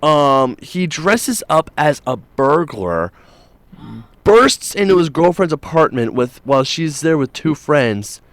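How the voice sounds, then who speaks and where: Brief: male morning show host, higher-pitched voice, rambling and jokey, dry close mic. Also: sing-song, takes it slowly, a bit bright, dry recording. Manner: rambling, jokey storytelling with many fillers. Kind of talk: casual radio-style chat.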